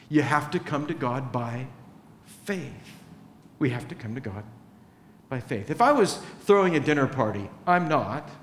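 A man's voice: a little high, fairly bright tone, a little hiss or hum. A male pastor preaching a conversational sermon, acting out short dialogues in different voices. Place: large church hall. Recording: echoey hall, faint ambience.

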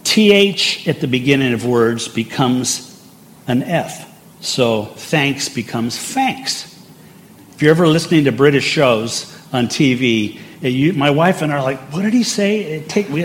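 Older male preacher in a relaxed storytelling sermon, full of asides; faint background noise. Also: medium pitch. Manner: conversational and anecdotal, with asides. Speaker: pastor.

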